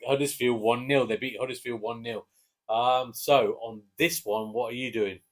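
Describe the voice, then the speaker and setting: A man with an English accent casually chatting through football match predictions, relaxed and hesitant with fillers. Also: medium pitch, normal speed. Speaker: co-host giving match predictions. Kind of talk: casual chat.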